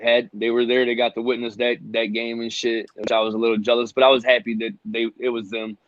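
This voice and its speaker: A man telling a story in a relaxed, slangy way, calling people bro. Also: mid-range voice, fast, dry recording. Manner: laid-back, says bro a lot. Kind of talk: casual chat. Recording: dry, dull lo-fi sound.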